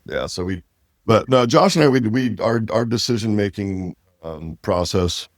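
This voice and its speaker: A man's voice: sits low, no echo, studio quality. A man from Washington, in his fifties, talking casually as an interview guest, rambling with many fillers and restarts. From Walla Walla Valley, Washington. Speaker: winery owner and interview guest.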